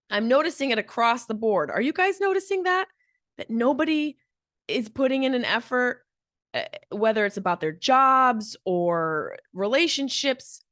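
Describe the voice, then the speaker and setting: A woman's voice: on the high side, fairly bright tone, dry recording, clean studio sound. A woman comedian hosting her own podcast, talking in a brash, profane, fired-up comic monologue.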